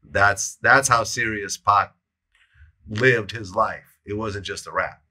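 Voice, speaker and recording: A man hosting an interview, prompting his guest in a relaxed way and summing up stories. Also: lowish voice, slow pace, slight background noise. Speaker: interviewer, show host. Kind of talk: interview questions.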